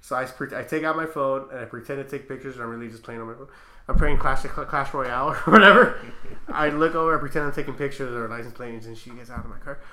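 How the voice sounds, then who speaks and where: A man hosting a podcast, telling a story in casual chat, animated, swearing and acting out the quotes. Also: mid-range voice, fast talker, echoey room, crowd noise. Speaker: podcast host.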